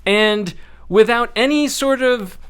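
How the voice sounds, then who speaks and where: A man's voice: very high voice, slow, a bit bright, smooth, pitched above the performer's own voice, exaggerated voice. A man playing a sarcastic middle-aged father who shrugs off every conflict, in a flippant, offhand voice.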